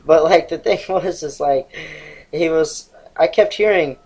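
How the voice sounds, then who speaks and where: A man's voice: on the high side, a little slow, darkish tone, soft background music, low-quality recording. A man in his twenties giving casual, rambling gameplay commentary, swearing and laughing often. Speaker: gaming channel host.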